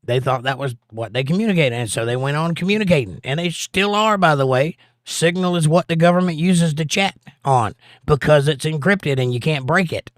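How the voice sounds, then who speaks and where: A man's voice: a little high, expressive, a little fast, no room sound, studio quality. A man hosting a casual livestream, reading viewer comments aloud in a folksy, drawling way. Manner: laid-back, folksy, drawling. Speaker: livestream host.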